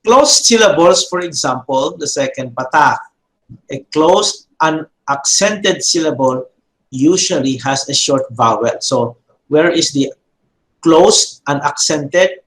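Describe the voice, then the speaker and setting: A man teaching a Biblical Hebrew grammar class, speaking slowly, repeating terms and checking in with "no?" and "okay?". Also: fairly high pitch, expressive, reverberant, low-quality recording.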